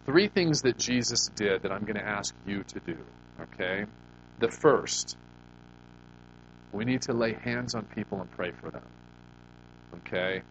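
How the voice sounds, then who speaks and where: A man's voice: lowish voice, animated, a little slow, long pauses, muffled recording, slight background noise. A man preaching a sermon, telling a personal story with rhetorical questions and frequent restarts. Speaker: pastor.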